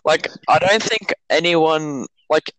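A young man co-hosting a podcast, talking casually in halting, meandering sentences. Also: a little high, fairly bright tone, no echo, low-quality recording. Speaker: podcast co-host. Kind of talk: casual chat.

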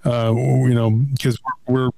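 A middle-aged man in casual conversation, retelling a story with lively acted-out quotes. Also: medium pitch, unhurried, creaky, no room sound. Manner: animated retelling, acts out quoted voices.

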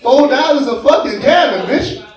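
A man's voice: very high voice, animated, normal speed. A young man with a New Orleans accent doing a crude, swaggering stand-up set on a bar stage. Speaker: stand-up comedian. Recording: echoey live bar recording, distant mic.

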